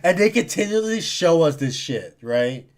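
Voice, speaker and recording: A young man co-hosting a casual talk show, his pitch high and swinging widely as he tells a story. He swears freely and laughs loudly in an animated, profane way. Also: normal speed. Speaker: podcast co-host. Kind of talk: casual chat.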